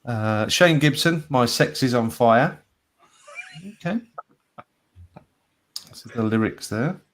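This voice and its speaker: Live-show host, man, reads each caption aloud and chuckles along, mid-pitched. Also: lively intonation, takes it slowly, a bit bright, slight background noise. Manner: laughs often between readings.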